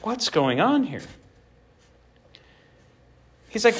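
A man with a fairly high voice preaching in an animated, conversational sermon style. He leans into his points and acts out the scripture as he goes. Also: normal speed. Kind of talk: expository sermon.

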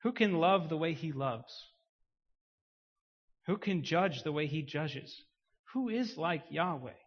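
Male preacher, dynamic delivery from hushed to loud, somewhat high voice, muffled recording. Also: lively intonation, takes it slowly, breathy edge. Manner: dynamic, swings between quiet emphasis and loud rising declarations. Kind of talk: sermon. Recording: muffled sound with long hall reverb.

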